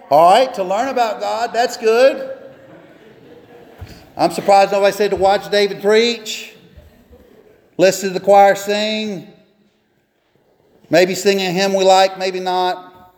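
A man's voice: high-pitched, slow, pauses often, a little mellow. A man preaching a sermon in a church, telling a folksy story and acting out its dialogue. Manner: storytelling, acts out dialogue in raised voices. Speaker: pastor. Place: church sanctuary. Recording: long hall reverb.

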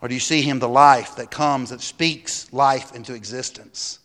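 A man's voice: medium pitch, fairly even intonation, normal speed, a bit bright. A pastor preaching a sermon, stressing his points and asking the congregation rhetorical questions. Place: church sanctuary. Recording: long hall reverb.

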